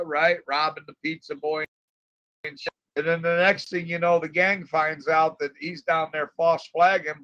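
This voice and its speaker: High-voiced, bright profane male storyteller. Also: no echo, dull audio. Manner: profane, rambling, laughs at own stories. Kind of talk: casual crude storytelling.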